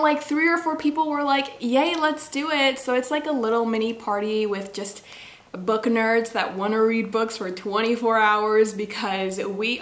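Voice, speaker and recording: A woman's voice: on the high side, fairly bright tone. A young woman chatting casually on her book vlog, bubbly and rambling, full of "like"s. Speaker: book vlogger. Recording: echoey room.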